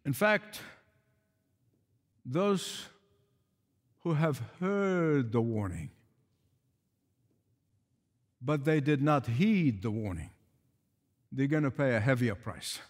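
A man's voice: medium pitch, lively intonation, takes it slowly, pauses often, long reverb tail. A man preaching a sermon in an emphatic, pleading way, repeating key phrases for weight. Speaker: pastor.

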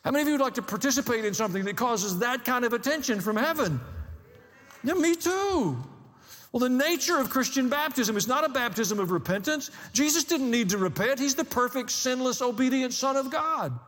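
A man's voice: extremely high pitch, lively intonation, fast talker, few pauses, fairly bright tone, in a large hall. A man preaching a sermon as pastor, conversational with dry humor and building emphasis.

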